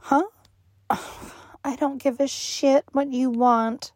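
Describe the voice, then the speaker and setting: A woman voicing a cruel, contemptuous, domineering young woman in an audio role-play, with heavy sighs and hushed asides. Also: high voice, steady tone, extremely slow, no room sound. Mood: scornful.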